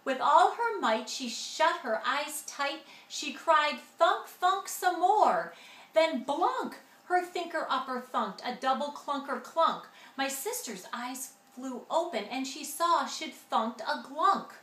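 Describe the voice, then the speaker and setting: A woman's voice: high voice, expressive, takes it slowly, hardly any pauses, sharp tone. A woman reading a rhyming picture book aloud in a sing-song delivery. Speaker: storyteller. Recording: echoey room with faint ambience.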